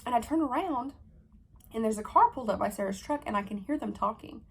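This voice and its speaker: Fast-talking woman with a gravelly edge. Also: on the high side. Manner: fast, profane, animated storytelling with fillers; acts out her own heated quotes. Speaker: vlogger. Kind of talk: storytime vlog, casual chat.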